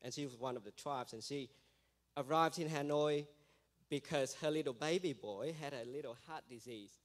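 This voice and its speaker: A man gives a mission testimony to his church, telling it as a lively story. His voice sits at an ordinary mid pitch. He slips into the voices of the people in his story as he goes. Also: moderate pace.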